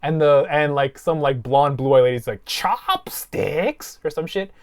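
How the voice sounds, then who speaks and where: A man's voice: a little high, fairly even intonation, moderate pace, darkish tone, clean tone. A man hosting a podcast, telling a long story in casual, profane chat. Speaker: podcast host.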